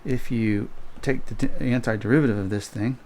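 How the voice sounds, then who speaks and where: A man's voice: mid-range voice, steady tone, normal speed, darkish tone, a little hiss or hum. A man teaching calculus in a recorded homework walkthrough, thinking aloud as he sketches graphs and corrects himself. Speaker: math teacher.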